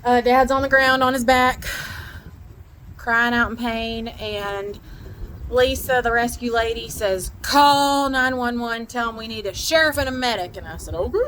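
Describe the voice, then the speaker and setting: A woman telling a ranch story in a casual vlog, animated and laughing, shouting out the quoted lines. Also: fairly high pitch, slight background noise, low-quality recording. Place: outdoors on a ranch.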